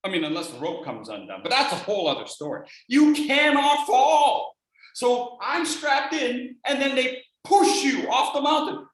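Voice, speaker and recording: A speech contest speaker telling a dramatic personal story, acting out scenes and swinging between hushed lines and shouts. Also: medium pitch, normal speed, few pauses. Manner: animated, acts out scenes, shifts from hushed to shouting. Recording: roomy echo.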